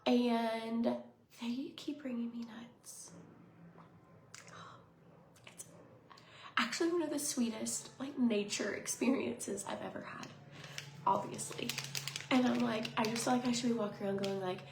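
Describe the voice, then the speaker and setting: Chatty woman vlogger with a gravelly edge. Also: on the high side, steady tone, unhurried, pauses often. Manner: bubbly, rambling, lots of "like" and "um", drops to soft whispers. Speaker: lifestyle vlogger. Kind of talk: casual chatty vlog. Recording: echoey room, faint noise.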